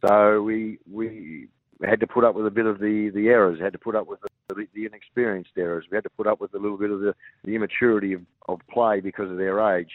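Low-voiced Australian coach on a phone line. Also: male voice, steady tone, no echo. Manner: halting, many fillers and restarts. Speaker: rugby league coach. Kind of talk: radio interview over the phone.

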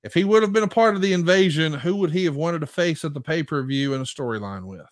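A man's voice: a little high, animated, fast talker, no room sound, studio quality. A man co-hosting a podcast, reading listener questions aloud and prodding with teasing follow-ups. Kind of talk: casual chat.

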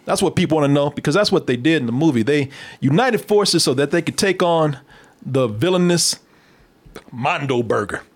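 A man hosting a casual, comedic film review podcast who talks in an animated way, laughs often and swears freely. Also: fairly high pitch, normal speed.

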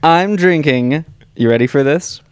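A man co-hosting a podcast in casual chat, upbeat and quick to laugh. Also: on the high side, clean tone, no echo, clean studio sound. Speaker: podcast co-host.

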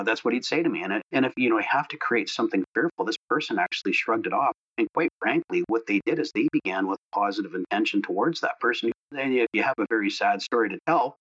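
Husky-voiced man co-hosting a podcast. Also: lowish voice, a bit bright, lo-fi sound. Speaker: co-host. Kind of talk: casual podcast discussion.

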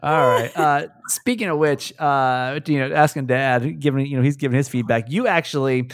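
A man hosting a podcast with a Southern US accent, talking in casual chat, quick and chatty with fillers and frequent laughs. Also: medium pitch, no room sound, clean studio sound. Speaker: podcast host.

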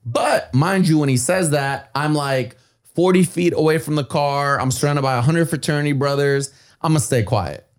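A man's voice: fairly high pitch, moderate pace. A man guesting on a podcast, telling a story in a casual, profane way and acting out what other people said. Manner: animated, acts out other people's lines; profane, blunt.

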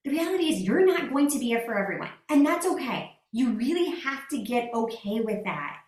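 A woman's voice: sits high, big pitch swings, brisk, darkish tone. A woman hosting a podcast, speaking in an emphatic, encouraging motivational conversation. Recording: roomy echo, voice set back from the mic.

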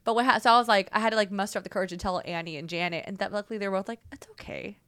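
A woman's voice: mid-range voice, rapid-fire, no echo. A woman co-hosting a podcast in casual chat, telling stories and acting out what people said. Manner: animated storyteller, acts out quotes. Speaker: podcast co-host.

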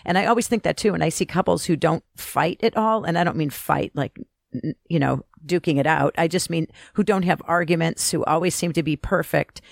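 A woman co-host chatting in an animated, talkative way, piling up repeated words as she makes her point. Her voice has a gravelly fry in it, and the recording is close and dry. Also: deep voice, fairly quick, no echo. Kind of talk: casual chat.

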